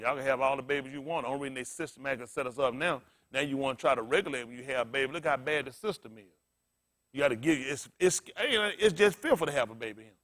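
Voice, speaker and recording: A man's voice: mid-range voice, fairly bright tone. A man pastor delivering an impassioned sermon in colloquial, conversational preaching talk that builds into emphatic outbursts. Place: congregation gathering.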